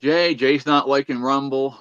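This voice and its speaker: A man's voice: medium pitch, steady tone, measured pace, a bit bright, clear, resonant tone, dry recording, lo-fi sound. A man hosting a casual livestream chat, easygoing and chatty, reading out viewer comments. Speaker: livestream host.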